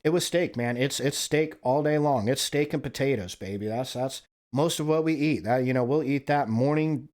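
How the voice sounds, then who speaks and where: A man's voice: mid-range voice, moderate pace, few pauses, a little mellow. A man from Wyoming hosting a stream, telling a rambling, casual story and tagging "right?" onto his sentences. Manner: rambling, profane, frequent "right?" tags. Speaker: stream host.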